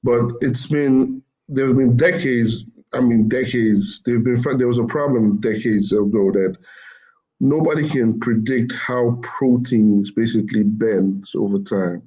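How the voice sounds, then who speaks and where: A man's voice: medium pitch, a little slow, mellow, highs cut off. A man explaining machine learning in casual talk, rambling and repeating himself as he corrects his words. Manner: rambling, repeats phrases, self-corrects often.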